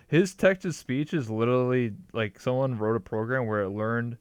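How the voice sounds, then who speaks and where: A man's voice: medium pitch, normal speed, clean tone, dry recording. A man hosting an interview in casual, playful, jokey chat over an online voice call. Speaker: host.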